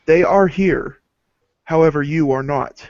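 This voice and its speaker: Man playing a portentous male spirit envoy; raised pitch, dull dry recording. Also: measured pace, a little mellow, no room sound. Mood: solemn. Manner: grave, portentous pronouncements. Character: solemn male spirit messenger of gods.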